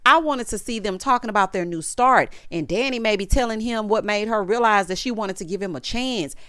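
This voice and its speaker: A woman's voice: mid-range voice, fairly quick, clean tone, dry recording, studio quality. A woman recapping a TV episode in a sassy, chatty way, acting out the characters' lines as she goes. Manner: sassy, animated, acts out quotes. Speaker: recap vlogger. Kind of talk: casual TV recap.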